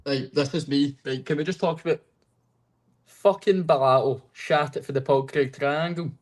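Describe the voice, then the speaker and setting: A man's voice: fairly high pitch, moderate pace. A man with a Scottish accent, joking crudely and laughing as he gives his picks on a casual betting call-in show. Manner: crude, teasing, laughs often.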